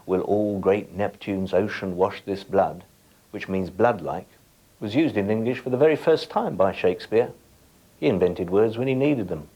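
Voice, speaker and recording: A man's voice: fairly low pitch, darkish tone, slightly rough. A middle-aged man giving a scripted lesson as a teacher, addressing viewers directly and setting them tasks. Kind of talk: scripted educational presentation.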